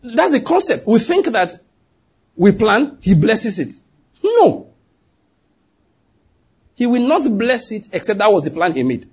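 A man's voice: high voice, wildly swooping pitch, measured pace, pauses often, a little mellow, husky. A man preaching a sermon as pastor, emphatic, often throwing questions to the congregation.

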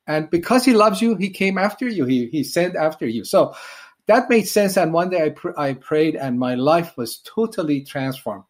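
An earnest evangelist guest from Iran gives his testimony in an interview. He has a higher voice and tells his story with emotion, acting out prayers along the way.

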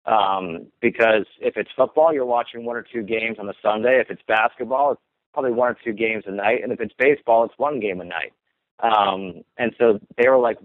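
A man's voice: lowish voice, brisk, no echo. A man who works as a sports broadcaster, casually telling stories about his career in an interview, with many ums and restarts. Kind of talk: relaxed interview answers. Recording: tinny phone line.

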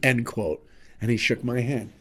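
A middle-aged man from New York, telling a motivational story in an animated way and acting out the other voices. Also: mid-range voice, moderate pace, a little hiss or hum. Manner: animated, acts out voices in his stories.

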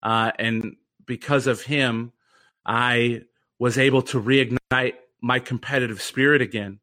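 A man's voice: medium pitch, fairly even intonation, measured pace, bright, forceful tone. A young man telling an earnest, reflective story as a podcast guest. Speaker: guest, former pitcher and mental conditioning coach.

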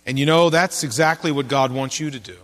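Preaching briskly in church, this man keeps his sermon earnest and conversational. Now and then his voice sinks to quiet, low stretches.

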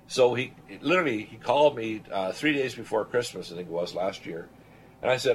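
A man in his sixties, a physician and radio host, telling a personal story in an animated, rambling way, often clearing his throat. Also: mid-range voice, fairly quick, poor audio. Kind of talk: storytelling on a talk radio show.

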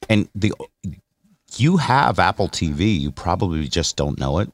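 A man's voice: sits low, animated, moderate pace, no echo. A man hosting a casual comedy podcast, wry and joking. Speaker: podcast host.

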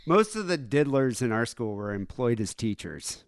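Lively jokey man. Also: medium pitch, moderate pace, clear, resonant tone, dry recording, studio quality. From Michigan, USA. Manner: jokey, rambling, crude humor. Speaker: podcast co-host. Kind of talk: casual true-crime chat.

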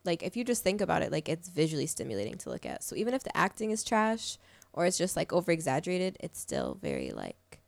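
A woman's voice: deep voice, huge pitch swings, fast talker, gravelly, no echo. A woman guesting on a podcast in a studio, chatting casually in a sarcastic, blunt, playful way. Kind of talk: casual chat. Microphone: studio microphone.

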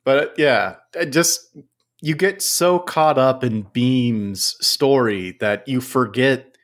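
A man co-hosting a casual movie review chat, thoughtful and halting, often restarting his sentences. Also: mid-range voice. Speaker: podcast co-host.

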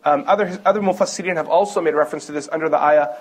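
A young man from Kentucky giving an animated religious lecture, telling stories and asking the audience questions. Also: fairly high pitch, rapid-fire, few pauses, a little hiss or hum. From Kentucky, USA. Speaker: Islamic lecturer.

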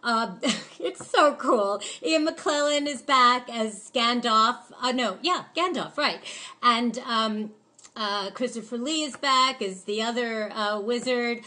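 A woman's voice: a little high, slow pace, bright, forceful tone. A chatty woman hosting a casual film review, rambling with many fillers and gushing with enthusiasm. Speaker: film reviewer, show host.

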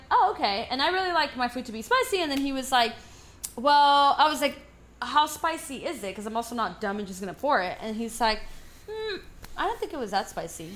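A woman in casual conversation, telling a story with lots of energy and frequent swearing. Her voice sits somewhat high for a woman. She talks like a podcast co-host sharing a personal story. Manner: animated storyteller, swears freely.

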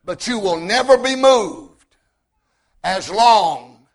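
A man preaching a sermon in a folksy, joking way, repeating words as he builds up and rising to shouts at his high points. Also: lively intonation, slow. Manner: repeats words when starting sentences.

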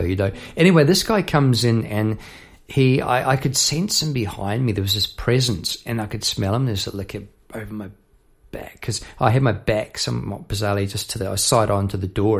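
A man from New Zealand hosting a podcast, telling lively anecdotes and mimicking the people in them. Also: fairly low pitch, moderate pace, soft background music. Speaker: podcast host and musician. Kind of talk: storytelling monologue.

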